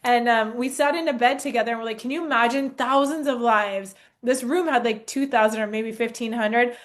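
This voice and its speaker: A woman in her forties giving an animated, earnest testimonial, talking straight to the audience. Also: fairly high pitch, a little fast. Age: 40s. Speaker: network marketing speaker. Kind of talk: storytelling testimonial on stage.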